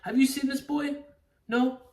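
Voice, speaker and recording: A man doing a pushy, high-pitched henchman. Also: steady tone, a little slow, a little mellow. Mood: insistent. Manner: repetitive, insistent questioning. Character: pushy henchman canvassing for a lost boy. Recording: echoey room, distant from mic.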